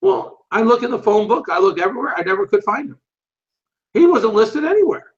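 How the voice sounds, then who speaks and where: A man's voice: high-pitched, very animated, brisk. A man in his sixties, an interview guest and martial arts instructor, telling stories bluntly with a lot of profanity. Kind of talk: storytelling in an interview. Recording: dull lo-fi audio.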